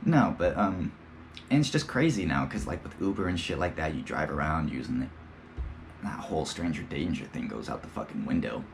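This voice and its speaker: Young man, podcast host, casual rambling monologue, slangy and profane, very animated pitch, faint background noise. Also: fairly quick, vocal fry.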